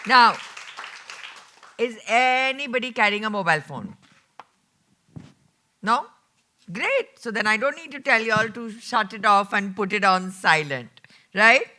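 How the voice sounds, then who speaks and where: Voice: medium pitch, expressive, unhurried, pauses often, sharp tone, a little hiss or hum. An event host introducing a storyteller and getting a children's audience to call back. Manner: upbeat, gets the crowd to call back.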